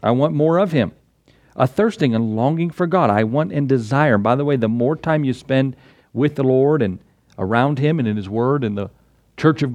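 A man's voice: medium pitch, dry recording. A man preaching a sermon in a conversational way, talking straight to his listeners and acting out the lines of people in his stories. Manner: conversational, retells stories with lively acted quotes; talks directly to listeners.

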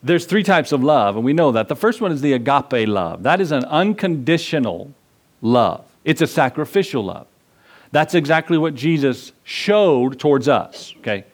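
A man's voice: fairly high pitch, big pitch swings, moderate pace. A man preaching a sermon as pastor, talking in a conversational way with jokes, rhetorical questions and key words drawn out for emphasis.

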